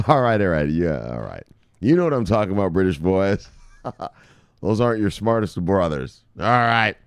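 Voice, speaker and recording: Low-voiced, animated, profane vlogger man. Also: smooth, no echo, studio quality. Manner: profane, boisterous, laughing often. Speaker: crypto news vlogger. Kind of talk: casual commentary.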